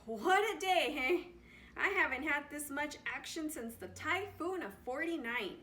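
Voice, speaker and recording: A gruff old sea-captain frog, an old salt who grumbles and booms by turns, as a woman reads him aloud. His voice sits lower and rougher than the rest, dipping and climbing widely at an unhurried pace. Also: expressive, bright, forceful tone, full character voice. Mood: hearty.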